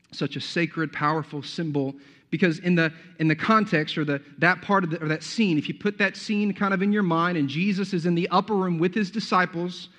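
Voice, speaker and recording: A man's voice: on the high side, a bit bright. A man preaching a sermon as pastor, talking conversationally with frequent restarts and rhetorical asides.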